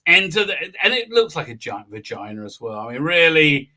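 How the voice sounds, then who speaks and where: A man's voice: a little high, very animated, fairly quick, hardly any pauses, bright, forceful tone. A man casually recapping a TV episode on his channel, sarcastic and crude, with many filler uhs and mocking asides. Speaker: YouTube host reviewing a TV episode.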